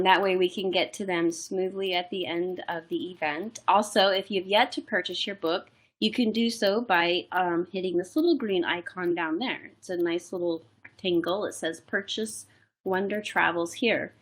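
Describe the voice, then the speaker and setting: A woman's voice: on the low side, a bit bright. A woman hosting an online bookstore event on a video call, hesitant and apologetic, with hiccups and many fillers. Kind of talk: live online event introduction.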